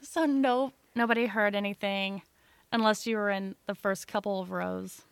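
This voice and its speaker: A young woman co-hosting a podcast, chatting casually in a calm, measured way. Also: medium pitch, vocal fry, clean tone, no room sound. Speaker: podcast co-host. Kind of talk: casual chat.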